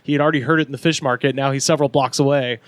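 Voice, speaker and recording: A man's voice: medium pitch, steady tone, very fast, no echo. A man co-hosting a podcast in casual chat, joking around and agreeing with lots of "yeah, yeah". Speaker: podcast co-host. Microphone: studio mic.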